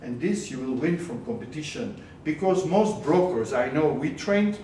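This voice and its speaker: Animated man coaching a group. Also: on the high side, moderate pace, far from the mic, slight background noise. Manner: lively, questioning the audience often; mixes in words of another language. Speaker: business coach. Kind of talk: live coaching talk to a group. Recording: echoey room, voice from afar.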